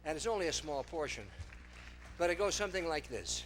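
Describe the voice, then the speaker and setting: A man's voice: fairly high pitch, animated, a little fast, fairly bright tone, slight background noise. An older man doing breathless, self-mocking stage patter between dance numbers in front of a live audience. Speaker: song-and-dance entertainer.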